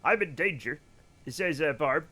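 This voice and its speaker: A man streaming a video game live, chatting to viewers in an excitable way with loud bursts of enthusiasm. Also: a little high, measured pace.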